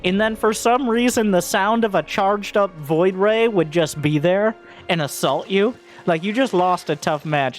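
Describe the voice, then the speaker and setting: High-voiced excitable male game caster. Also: moderate pace, soft background music. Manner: jokey, gets loud and excited at big plays. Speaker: esports caster. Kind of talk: game commentary.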